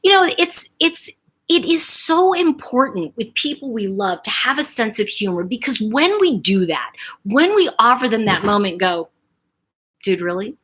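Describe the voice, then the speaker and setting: A woman hosts a casual livestream, chatting loosely and laughing often as she tells stories. Her voice is bright and sharp and sits a little high. Her delivery is full of fillers and asides. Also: sing-song, moderate pace, husky. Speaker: livestream host.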